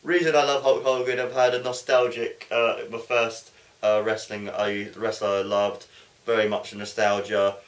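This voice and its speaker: A man's voice: fairly low pitch, flat delivery, moderate pace. A young man co-hosting a casual chat, earnest and enthusiastic. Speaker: co-host. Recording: echoey room, far from the mic.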